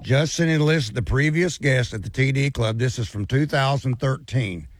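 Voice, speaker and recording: A man's voice: medium pitch, moderate pace, no room sound. A man co-hosting a casual sports radio show, chatting and reading listener messages aloud.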